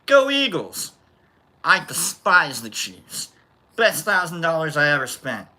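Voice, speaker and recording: Bright-voiced man telling rowdy stories. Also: fairly high pitch, measured pace. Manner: animated, joking, acts out quoted voices with loud yells. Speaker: livestream host. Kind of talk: casual storytelling chat.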